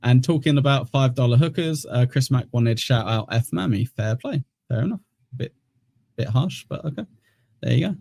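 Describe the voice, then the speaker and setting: A young man co-hosts a casual clip-review show, cracking crude jokes and laughing between lines. His voice sits at a middle pitch and is recorded dry and close, with no room sound. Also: lively intonation, moderate pace, creaky, darkish tone, no echo. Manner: laughs often, teasing and crude, reads out donations. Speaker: podcast co-host. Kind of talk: crude casual banter reacting to clips.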